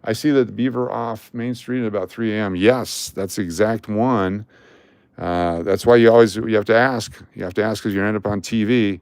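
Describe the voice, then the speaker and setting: A man's voice: lowish voice, steady tone, brisk, a little mellow, clear, resonant tone, no echo. An older man streaming live, chatting casually and joking while he sorts coins and calls out their dates. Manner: chatty and jokey, calling out coin dates and mint marks. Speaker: coin collecting live streamer.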